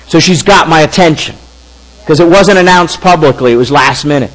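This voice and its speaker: Animated high-voiced man preaching. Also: a little fast, poor audio. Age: 50s. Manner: animated, conversational, with quoted asides. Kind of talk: sermon storytelling.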